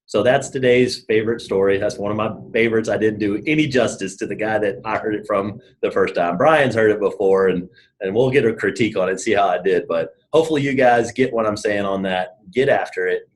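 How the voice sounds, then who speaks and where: A man, giving an energetic, casual motivational talk to his team and telling stories. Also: on the low side, fairly quick, poor audio. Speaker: network marketing team leader.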